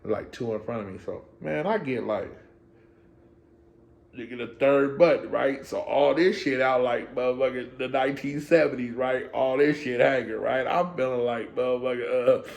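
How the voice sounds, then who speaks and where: Speaking at a moderate pace with some vocal fry, this medium-pitched middle-aged man from California spins a profane, slangy story. He acts out the characters and keeps tossing in "right?" to check in.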